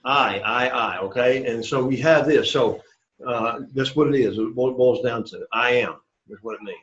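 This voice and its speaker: A man's voice: medium pitch, moderate pace, a bit bright. A man teaching a classroom lesson, who praises students often and keeps checking that they follow. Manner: encouraging, repeats praise. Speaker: Greek teacher. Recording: echoey room, dull lo-fi sound.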